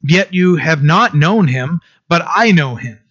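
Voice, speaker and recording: A man teaching through a Bible passage verse by verse, reading scripture slowly and then explaining it in a loose conversational way with restarts. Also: fairly high pitch, animated, a bit bright, lo-fi sound.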